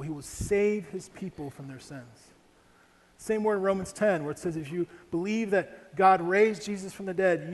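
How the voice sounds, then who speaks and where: A male pastor preaching a sermon in an animated way, asking rhetorical questions and slowing down to read scripture. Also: a little high. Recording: hall reverb with faint ambient noise.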